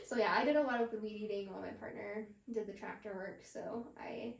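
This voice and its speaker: A woman's voice: mid-range voice, fairly even intonation, brisk, creaky. A young woman telling a casual story as a podcast guest, laughing often and filling her speech with "like". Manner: chatty, laughs often, many "like" fillers. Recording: roomy echo.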